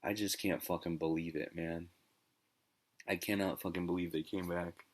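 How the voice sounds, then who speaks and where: A man's voice: low voice, steady tone, normal speed, rough recording. A man streaming a game live, ranting casually with lots of swearing and exasperation. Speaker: gaming streamer.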